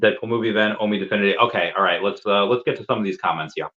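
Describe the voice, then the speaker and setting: A man's voice: on the low side, rapid-fire, bright, forceful tone, highs cut off. A man hosting a casual crypto livestream, reading chat comments and rambling with lots of fillers and repeated words.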